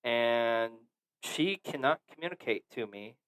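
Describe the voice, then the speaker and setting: A man's voice: mid-range voice, expressive, unhurried, fairly bright tone, clean tone. A man hosting a podcast, telling a story in a casual, profane, joking way. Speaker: podcast host.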